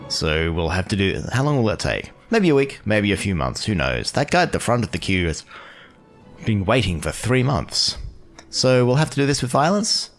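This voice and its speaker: Low-voiced male let's-play host, jokey asides. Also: sing-song, normal speed, faint music behind. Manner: jokey asides, reads dialogue aloud. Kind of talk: game playthrough commentary.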